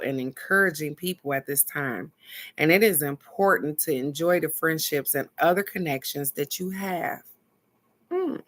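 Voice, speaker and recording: A woman's voice: low-pitched, a bit bright. A woman hosting a casual live oracle card reading, chatting with viewers, laughing often and reading each card's text aloud.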